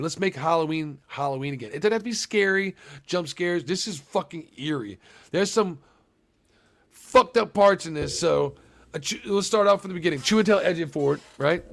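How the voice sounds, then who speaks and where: Fairly quick and creaky, with a fairly high, slightly bright tone, a young man talks through a movie's plot on a relaxed live stream. Profanity, rambling, and remarks to chat fill his recap.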